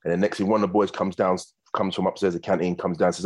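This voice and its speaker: A man, a former footballer, telling animated stories in a casual interview. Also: low voice, breathy edge. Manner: fast, animated anecdotes with acted quotes.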